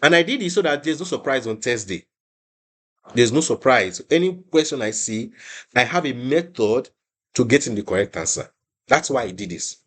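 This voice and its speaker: A young adult man leads an online exam-prep class with a voice of ordinary middle pitch. He drives his points home by repeating phrases and often restarts mid-sentence. His steady teaching voice rises high when he gets excited. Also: moderate pace. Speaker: IELTS tutor.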